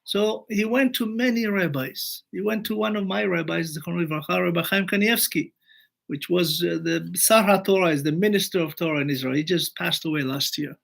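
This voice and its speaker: A man's voice: high voice, fairly quick, creaky, fairly bright tone. A man, a rabbi teaching a Torah class and telling stories, acting out the quoted speech with animation.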